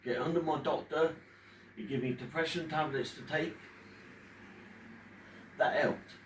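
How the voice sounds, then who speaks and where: A man in his fifties speaking emotionally at home in front of a fish tank, pausing often as he talks about his own experience. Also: a little high. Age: 50s. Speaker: vlogger talking about his depression. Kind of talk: unscripted personal talk to camera. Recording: echoey room, distant mic, faint background hum.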